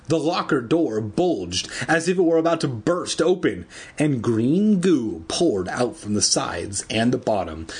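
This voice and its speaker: A man reading a children's horror novel aloud, shrieking the characters' lines and breaking off for crude, joking asides. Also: husky. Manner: animated, jumps to shrill shrieks for characters, swears in asides.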